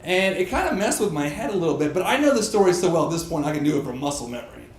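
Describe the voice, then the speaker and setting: A man telling a true personal story on stage, animated and self-mocking, laughing through his lines. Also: fairly high pitch, very fast. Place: stage in a pub. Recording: echoey live room, faint crowd noise.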